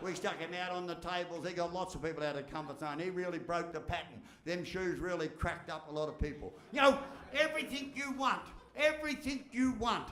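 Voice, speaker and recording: Aussie bloke, fairly high voice, yarning to a crowd in a big echoey hall, swears and cracks jokes. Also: male voice, fairly quick, a bit bright. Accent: Australian. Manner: folksy storyteller, swears casually, jokes, repeats phrases. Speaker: keynote speaker. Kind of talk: motivational speech.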